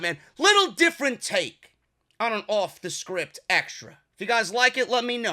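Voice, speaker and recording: A man's voice: high-pitched, sharp tone. A young man from New York ranting sarcastically and profanely while reviewing a wrestling show.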